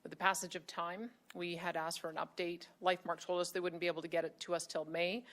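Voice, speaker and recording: A woman politician answering questions at a press conference in a measured, defensive way. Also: on the low side, level tone, a bit bright. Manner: measured, defensive, a few restarts.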